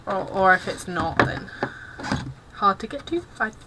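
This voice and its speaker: A woman's voice: medium pitch, expressive, measured pace, very noisy. A young English woman streaming while she crafts, chatting casually and awkwardly, apologising often. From England. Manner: self-consciously awkward and apologetic. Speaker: cosplay streamer.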